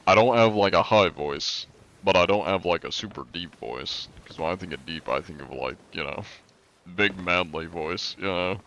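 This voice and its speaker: A man streaming and chatting casually, with a raspy, not very smooth voice and a flat monotone delivery full of filler words. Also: sits low, moderate pace, lo-fi sound. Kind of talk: casual live-stream chat.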